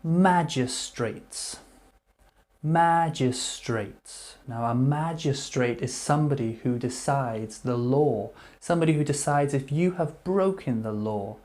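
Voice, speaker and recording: A man teaching English vocabulary, repeating each word slowly and clearly before explaining what it means. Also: medium pitch, dark tone. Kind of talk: slow vocabulary lesson.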